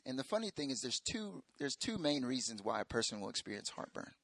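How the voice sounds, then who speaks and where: A young man preaches in a loose, joking storytelling way, jumping into squeaky voices whenever he quotes someone. His tone is bright and forceful. The recording is close and dry, with no room sound. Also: no room sound. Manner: animated, jokey, acts out quotes in high voices. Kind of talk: sermon storytelling.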